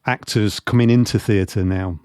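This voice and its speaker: A man's voice: lowish voice, fairly even intonation, normal speed, warm tone, clean tone, no room sound, clean studio sound. A man interviewing a guest, asking questions in a conversational way and chiming in with short acknowledgements.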